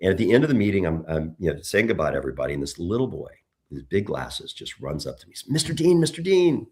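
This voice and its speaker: A man's voice: extremely low pitch, fast. A middle-aged man, a political candidate being interviewed, telling stories with lots of restarts and repeated words. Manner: animated storytelling, frequent restarts. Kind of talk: conversational interview.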